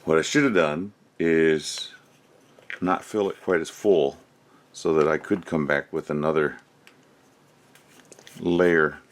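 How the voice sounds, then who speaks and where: A man's voice: a bass voice, fairly even intonation, takes it slowly, pauses often. A man doing casual crafting commentary at home, rambling and thinking aloud as he works. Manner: rambling, chatty, thinks aloud while working. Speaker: resin crafter.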